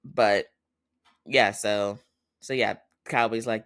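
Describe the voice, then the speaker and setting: A man's voice: mid-range voice, measured pace, fairly bright tone. A man hosting a podcast, giving a chatty casual recap and quoting characters in his own voice. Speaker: podcast host.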